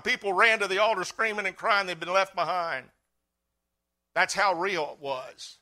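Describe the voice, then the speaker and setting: A middle-aged man preaching a sermon, swinging between loud fervent cries and quiet earnest talk. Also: high voice, normal speed. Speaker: pastor.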